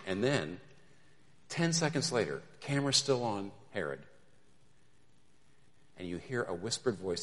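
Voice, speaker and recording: Conversational pastor preaching in a reverberant hall. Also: male voice, medium pitch, animated, normal speed, long pauses, a bit bright. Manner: conversational, builds to emphatic peaks. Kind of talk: sermon.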